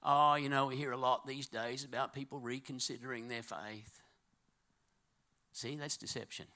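A pastor with a steady, mid-range voice preaches a sermon in church. He swings from loud, drawn-out exhortation to quiet, close talk, calling on the congregation to respond.

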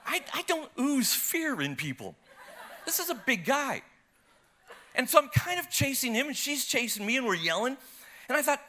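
A man preaching a sermon and telling a personal story, swinging from loud, animated retelling to hushed, tearful passages. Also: very high-pitched, moderate pace. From United States.

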